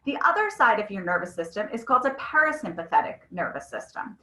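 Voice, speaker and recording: Woman, thirties, webinar presenter: bright, energetic, chatty storyteller, recorded in an echoey room. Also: mid-range voice, fast talker. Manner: conversational, animated storytelling with frequent "right?". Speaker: presenter of a mental health webinar.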